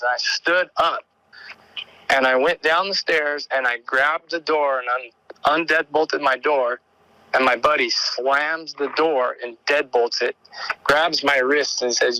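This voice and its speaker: A man whose voice is a little high calls in to relate an encounter, on poor audio with no room sound. He speaks casually and in a rambling, halting way with frequent fillers and restarts, growing more urgent and excited as the tale goes on.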